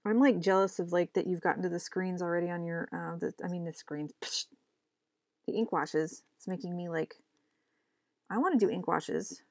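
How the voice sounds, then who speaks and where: Young woman, chatty comic-artist vlogger, talks to herself while drawing, rambling and self-mocking, lower voice. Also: moderate pace, a little mellow, dry recording, clean studio sound. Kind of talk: casual chat while drawing.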